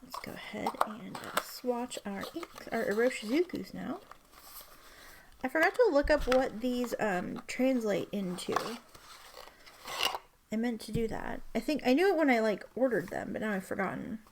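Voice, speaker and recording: A woman's voice: a little high, expressive, moderate pace, noisy background. A young adult woman chatting casually as she swatches inks for her vlog, often dropping to a half-whisper. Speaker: stationery vlogger. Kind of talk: casual show-and-tell while swatching ink.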